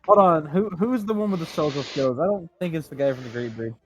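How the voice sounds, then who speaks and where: A man's voice: on the high side, quick pace, soft background music. A young man playing a tabletop game, swearing, laughing and breaking into playful outbursts. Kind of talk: casual tabletop role-play chat.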